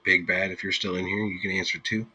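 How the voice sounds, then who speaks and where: A man's voice: deep voice, flat delivery, fast, sharp tone, breathy edge, rough recording. A man hosting a live stream, chatting casually with his viewers in an easygoing, rambling way and laughing freely. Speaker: streamer host.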